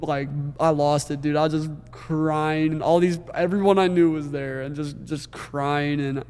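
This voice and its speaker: A man's voice: a little high, steady tone, moderate pace, a little mellow, smooth, long reverb tail. A man co-hosting a podcast, telling a rambling, emotional story in casual chat and laughing often. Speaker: podcast co-host. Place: wedding venue.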